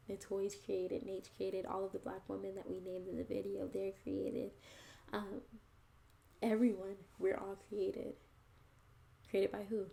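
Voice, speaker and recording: With a mellow, medium-pitched voice touched by vocal fry, a host and poet chats directly to viewers on her own video channel. Her casual vlog monologue is earnest and reflective.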